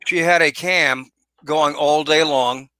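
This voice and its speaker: A man's voice: fairly high pitch, steady tone, pushed and bright, clean tone, no room sound. A man from New York, a guest in a casual chat, who stumbles and repeats words as he gets going. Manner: halting, repeats words as he starts. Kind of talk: casual conversation.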